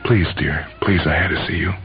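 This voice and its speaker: A man reading a story, voicing a gentle, tearful young wife who speaks softly. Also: low voice, fairly even intonation, fairly quick, muffled recording, soft background music. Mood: pleading.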